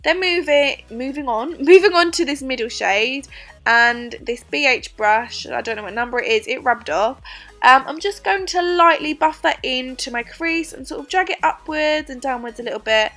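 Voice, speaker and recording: A woman's voice: sits high, lively intonation, normal speed, a bit bright, soft background music. A young woman talking through a makeup tutorial in a chatty, giggly, self-mocking way. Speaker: beauty vlogger. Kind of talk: casual makeup tutorial voice-over.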